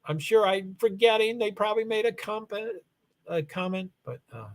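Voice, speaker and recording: Kentucky guy w a faint southern accent rambling on his livestream, kinda high voice, keeps restarting sentences. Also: normal speed. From Louisville, Kentucky, USA. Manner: rambling, hesitant, many restarts and asides. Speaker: livestream host. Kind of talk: casual solo livestream chat.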